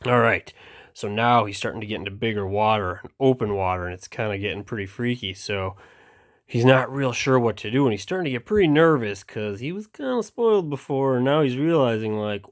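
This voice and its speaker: A man's voice: medium pitch, animated, fairly quick. A young man reading a children's book aloud in a casual, jokey way, wry and offhand with ad-libbed asides.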